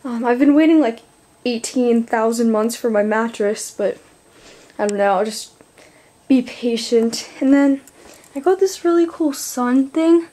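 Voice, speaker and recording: A teenage girl in her bedroom, chatting to her camera in a rambling, excitable vlog while out of breath. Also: on the high side, unhurried. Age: teens. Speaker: vlogger. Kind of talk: casual vlog chat.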